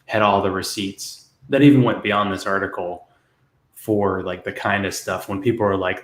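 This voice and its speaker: A man with a fairly low voice co-hosting a casual podcast. He rambles and hedges as he talks, dropping in soft laughs. His voice rings in a noticeably echoey room. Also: steady tone, normal speed. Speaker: podcast co-host.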